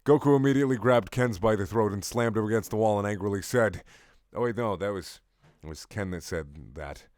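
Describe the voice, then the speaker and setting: A man reading fan fiction aloud for laughs, jumping between put-on voices and sudden shouts. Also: on the low side, fairly quick, no echo, studio quality. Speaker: comedic reader of fan fiction. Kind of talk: mock dramatic reading.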